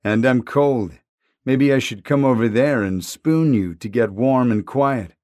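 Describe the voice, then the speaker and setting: A snippy, sarcastic teenage boy, hurt and cold but quick with a jab, as a male narrator voices him. The delivery is close and dry, with no room sound around it. The voice sits at an ordinary middle pitch. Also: darkish tone, dry recording, natural voice. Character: injured teenage boy, snarky nerd.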